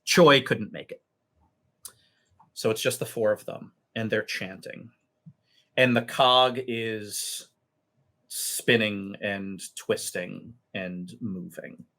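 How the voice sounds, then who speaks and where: A man narrating a tabletop game as game master, telling the story in an unhurried way with many fillers. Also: on the low side, fairly even intonation, pushed and bright.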